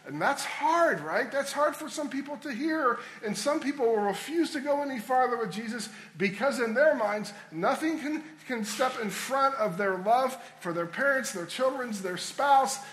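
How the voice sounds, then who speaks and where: A man's voice: high voice, fairly bright tone, reverberant, slight background noise, low-quality recording. A man preaching a sermon as a pastor, earnest and conversational, repeating key phrases for emphasis.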